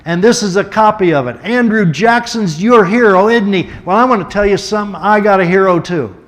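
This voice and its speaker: A man's voice: high voice, brisk, pitched above the performer's own voice, close to an everyday voice. Man playing a sincere pleading buddy, emphatic, voice a bit raised. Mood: earnest pleading. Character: pleading middle-aged male old friend, earnest.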